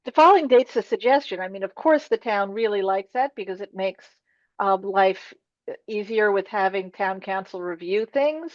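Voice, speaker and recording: A woman on a town committee, quick and insistent as she makes her point in a meeting discussion. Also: mid-range voice, animated, no room sound, dull audio. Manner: quick, talks over others to make her point. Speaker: committee member.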